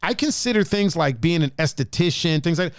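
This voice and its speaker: Lively, profane male podcast host. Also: on the high side, fairly quick, no echo, studio quality. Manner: animated, profane, laughs often. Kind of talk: casual chat.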